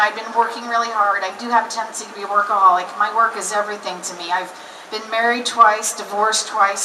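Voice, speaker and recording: A woman's voice: medium pitch, background noise. A middle-aged woman telling a personal story at an outdoor rally, acting out the dialogue as she goes. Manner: animated storyteller, acts out quoted dialogue. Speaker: rally speaker. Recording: roomy distant camera audio with loud ambience.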